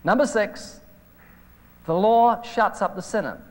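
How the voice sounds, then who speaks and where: Brief: male evangelist, high voice, storytelling sermon, hall echo from an old tape. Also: slow pace. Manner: storytelling, animated retelling of phone calls. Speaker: evangelist preacher. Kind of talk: sermon with anecdotes. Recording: hall reverb from an old videotape.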